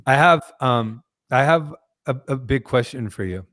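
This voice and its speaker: A male podcast host speaking slowly and earnestly, effusive and reflective in a casual spiritual conversation. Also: mid-range voice, lively intonation, fairly bright tone.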